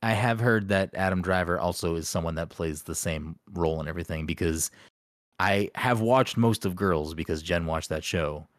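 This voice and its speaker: A man's voice: low voice, moderate pace, dry recording, studio quality. A man hosting a casual chat, hesitant and swearing often.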